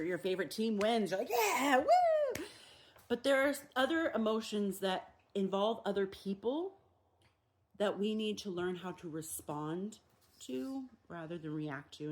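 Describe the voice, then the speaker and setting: A woman, hosting a casual recovery reflection and acting out the quoted voices in her examples. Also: on the low side. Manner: animated, acts out quoted voices. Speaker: recovery meditation host.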